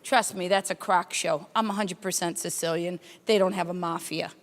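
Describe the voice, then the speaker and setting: Her voice is lowish with fairly even intonation as she delivers brash, teasing stand-up comedy and crowd work. She is hosting a corporate welcome night at a hotel conference, telling stories at speed in an echoey hall.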